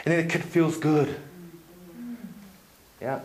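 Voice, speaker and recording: A man giving a seminar talk to an audience, telling stories in an animated way, laughing often and checking in with "yeah?". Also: fairly high pitch, slow. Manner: animated storyteller, laughs often, tag questions. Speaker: seminar speaker. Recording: echoey room.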